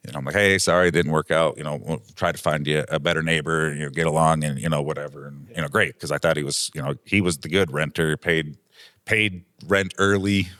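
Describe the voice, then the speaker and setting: A man's voice: very deep voice, steady tone, brisk, fairly bright tone, dry recording, studio quality. A man, a property manager guest on an interview show, telling a long anecdote in a rambling way, full of "um" and "like". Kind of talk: casual interview storytelling.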